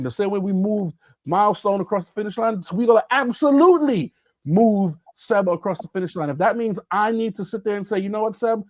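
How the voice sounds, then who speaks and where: A man with a high voice rants with passion on a comics podcast. His delivery is emphatic and driven. The sound is dry and close. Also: darkish tone, no echo. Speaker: podcast co-host. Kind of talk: casual chat.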